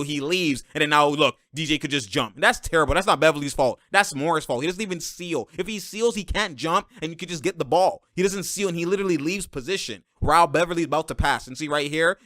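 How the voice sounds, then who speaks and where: A man hosting a basketball film breakdown, talking in an animated, slangy way, laughing often and calling out to the players on screen. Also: fairly high pitch, no echo, studio quality. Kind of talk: excited play-by-play breakdown commentary.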